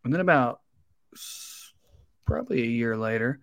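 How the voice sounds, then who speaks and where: Profane Southern comedian, dry sound. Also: male voice, mid-range voice, expressive, moderate pace, dry recording. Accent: Southern US (Tennessee). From Tennessee, US. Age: 30s. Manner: candid, profane, storytelling. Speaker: comedian guest. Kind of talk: casual podcast chat.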